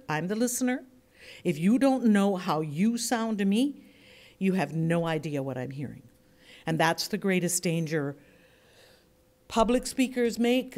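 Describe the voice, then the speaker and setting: Woman from the US, workshop instructor; conversational and demonstrative, plays with pace and pitch to make points. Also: a little mellow. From United States. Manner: chatty, demonstrative, shifts pace and inflection to illustrate points. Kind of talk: workshop lecture to a group.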